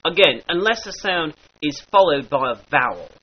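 A man teaching the sounds of an old-style dialect, with slow demonstrations and mock-archaic phrasing. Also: fairly high pitch, lively intonation, husky. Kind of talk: instructional lesson with example phrases. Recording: dull lo-fi recording.

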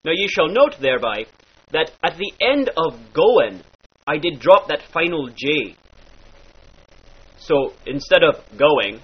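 A man teaching vowel changes in a playful mock-archaic manner, calmly spelling out each sound. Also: a little high, slow pace, long pauses, husky, muffled recording. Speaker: accent teacher. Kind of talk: instructional voice lesson.

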